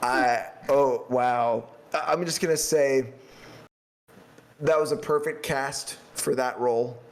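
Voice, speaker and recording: Gravelly laid-back podcast co-host. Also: male voice, medium pitch, fairly even intonation, slow pace. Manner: hesitant, searching for words, laid-back. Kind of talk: casual chat.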